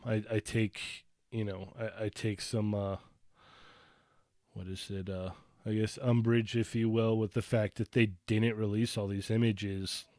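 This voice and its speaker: A man co-hosting a live toy collecting podcast, relaxed and agreeable, with hesitant restarts and questions for the others. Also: fairly low pitch, no room sound, clean studio sound. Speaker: co-host of a toy collecting show. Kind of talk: casual live podcast chat.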